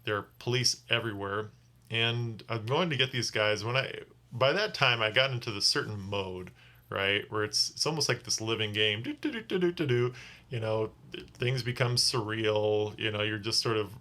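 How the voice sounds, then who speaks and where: A man's voice: fairly low pitch, fairly even intonation, normal speed, sharp tone. A tired man telling a casual vlog story as a rideshare driver, rambling and often restarting his sentences. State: tired from little sleep.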